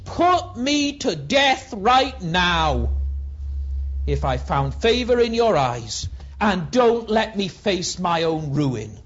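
Preacher doing a desperate old prophet crying out to god, husky, drawn out, muffled old tape. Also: mid-range voice, expressive, slow, few pauses. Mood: anguished. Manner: pleading and shouting in despair. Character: anguished old male prophet pleading with God. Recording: dull lo-fi recording.

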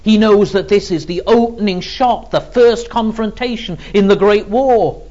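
A man preaching an expository Bible teaching, emphatic and expressive, with frequent ums. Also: sits high, measured pace, dull audio.

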